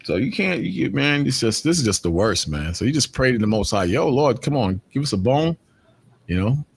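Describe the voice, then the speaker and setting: A man chats casually, telling stories. His pitch swings widely, and he bursts into raised voices when he acts out other people. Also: moderate pace, husky, dry recording. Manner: animated, acts out street dialogue in raised voices. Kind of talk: casual chat, storytelling.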